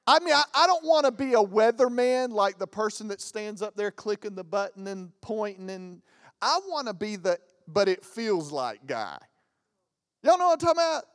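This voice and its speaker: A man's voice: sits high, moderate pace, big-room sound. A man, preaching as a guest pastor and telling funny stories with put-on voices. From Southern United States. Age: 40s. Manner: animated storytelling with jokes and mimicked voices. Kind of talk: lively sermon with stories. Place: church sanctuary.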